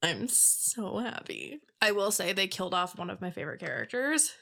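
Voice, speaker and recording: Young female podcast co-host, chatty and giggly, crisp bright voice. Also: mid-range voice, big pitch swings, normal speed. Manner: giggly, gushing, heavy use of "like". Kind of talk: casual chat.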